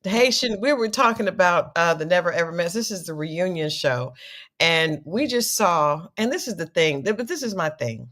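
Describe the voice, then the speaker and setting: A woman with a fairly low voice co-hosts a relaxed reality-TV recap. She talks in a chatty, loose way, restarting sentences and giggling between thoughts. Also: moderate pace. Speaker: co-host. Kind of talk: casual reality-show recap chat.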